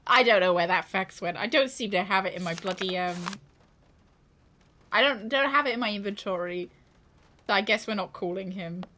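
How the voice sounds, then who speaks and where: A woman's voice: mid-range voice, moderate pace, pushed and bright, a little hiss or hum. A woman streaming a video game, joking, giggling and thinking aloud as she plays. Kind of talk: casual gameplay commentary.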